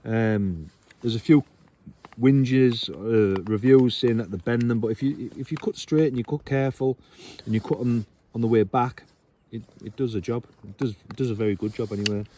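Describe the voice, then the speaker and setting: A man's voice: mid-range voice, moderate pace, mellow, slight background noise. A man, chatting casually and self-deprecatingly with lots of ums and ers while sheltering under a tarp in rainy woods. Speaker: bushcraft vlogger. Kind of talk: casual rambling gear talk. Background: rain falling.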